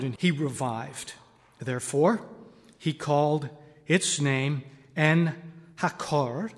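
A man preaches through a Bible passage in a loose, conversational way, pressing his points by repeating them. His voice sits a little high for a man, and each phrase rings out with a long reverb tail. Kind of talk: sermon teaching on Scripture.

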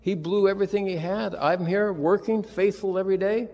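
A man's voice: high voice, steady tone, brisk, darkish tone, in a large hall, voice pushed up. A man voicing an angry, resentful older brother who bursts out in indignant complaint. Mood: exasperated. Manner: exasperated, indignant outburst.

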